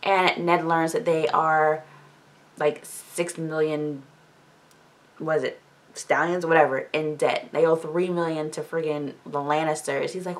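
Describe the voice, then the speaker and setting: A young woman hosting a casual book discussion, chatting through a recap with quick quoted asides and casual swearing. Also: low voice, fairly even intonation.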